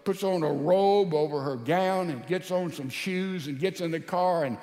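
High-voiced preacher in a reverberant hall. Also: male voice, moderate pace. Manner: storytelling, swings from loud to hushed. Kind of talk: sermon.

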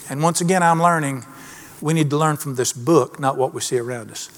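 A man's voice: on the high side, fairly quick, pauses often. A middle-aged man preaching a sermon in a folksy, emphatic way, asking the congregation questions. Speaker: pastor.

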